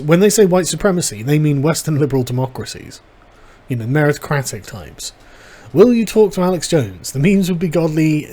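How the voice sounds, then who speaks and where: A man's voice: fairly high pitch, darkish tone. A man hosting a casual livestream, reading viewer chat aloud and reacting with wry, sarcastic asides. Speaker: livestream host.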